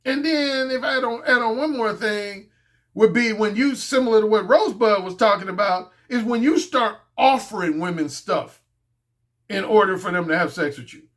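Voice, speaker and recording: A man's voice: high-pitched, normal speed, fairly bright tone. A man talking as a dating coach in a casual monologue, blunt, profane and boastful.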